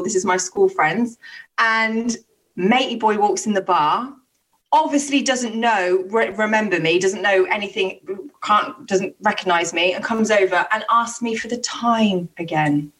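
Animated woman telling stories. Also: mid-range voice, normal speed, far from the mic. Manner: animated, swearing, acts out quotes. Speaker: podcast co-host telling stories. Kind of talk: casual storytelling chat.

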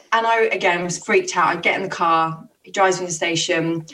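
A young woman telling stories on a podcast in a casual, animated way, swearing and acting out what people said. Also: fairly low pitch, brisk, few pauses, recorded from a distance. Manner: animated, swearing, acts out quotes. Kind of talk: casual storytelling chat.

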